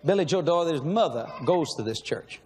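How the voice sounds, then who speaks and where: A middle-aged preacher with a high voice tells a story in an animated way, often laughing and breaking into shouts. His voice carries a long reverb from a big hall. A faint hiss sits underneath. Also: normal speed. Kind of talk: sermon storytelling.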